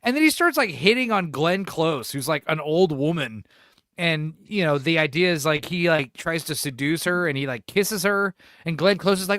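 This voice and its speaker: A man's voice: a little high, animated, moderate pace, fairly bright tone, no echo, clean studio sound. A man hosting a podcast, rambling and profane in casual chat, laughing often. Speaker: podcast host.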